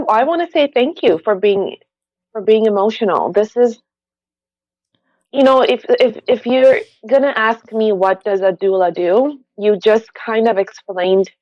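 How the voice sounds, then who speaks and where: A woman's voice: medium pitch, no echo. An earnest, passionate woman speaking as a podcast guest about her work as a doula. Her voice comes across muffled and dull, recorded dry with no room sound, and she stresses her points with conviction. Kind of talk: podcast conversation.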